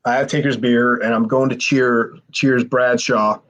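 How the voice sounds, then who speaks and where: A man's voice: mid-range voice, unhurried. A man in his forties, a former pro wrestler and podcast guest, telling a rowdy story with swearing and acted-out dialogue. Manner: profane, animated, acts out quoted dialogue, restarts often. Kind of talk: casual storytelling.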